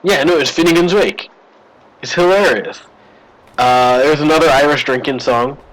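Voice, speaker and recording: A man's voice: on the high side, normal speed, a bit bright, rough recording. Chatty man rambling over gameplay. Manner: rambling, chatty storytelling with fillers. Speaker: gaming streamer. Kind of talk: live gameplay commentary.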